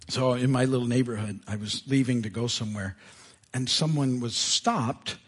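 A male pastor preaching a sermon in a conversational, animated way, laughing at himself as he goes. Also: mid-range voice, husky. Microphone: live sermon mic. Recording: church service audio.

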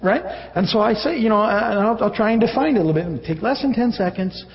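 A man preaching a conversational sermon to his church, halting often with fillers and restarts. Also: sits high. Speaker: pastor. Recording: echoey hall, dull audio.

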